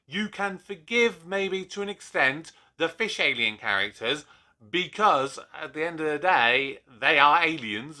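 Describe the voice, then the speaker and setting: A man's voice: high-pitched, bright, forceful tone. A young man hosting his own channel, giving an opinionated, casual review monologue with frequent restarts. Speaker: YouTube reviewer.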